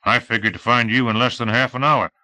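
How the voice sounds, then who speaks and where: A man's voice: mid-range voice, steady tone, brisk, sharp tone, no room sound. A man voicing a deputy who is out of breath and curt. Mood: breathless.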